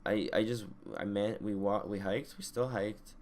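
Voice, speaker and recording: A man's voice: on the low side, fairly even intonation, normal speed, a little mellow, a little hiss or hum. A young man co-hosting a casual podcast, ranting profanely and getting worked up as he talks. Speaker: podcast co-host. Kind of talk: casual chat.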